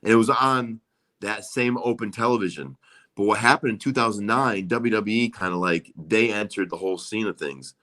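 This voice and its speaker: A man's voice: fairly low pitch, moderate pace, bright, forceful tone. Rambling, foul-mouthed man guest. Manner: rambling, swears freely, many fillers. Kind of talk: casual interview chat.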